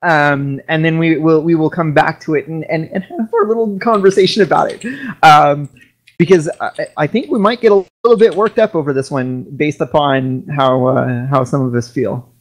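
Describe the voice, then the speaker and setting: A woman from Washington state hosting a casual podcast chat, talking in halting starts and restarts that build into a rant. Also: low voice.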